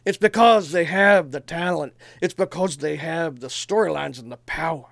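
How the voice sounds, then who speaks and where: A man's voice: a little high, normal speed, vocal fry, no room sound. A man in his thirties co-hosting a casual chat, talking emphatically, swearing and telling stories with energy. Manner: emphatic, swearing, animated storytelling. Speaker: podcast co-host.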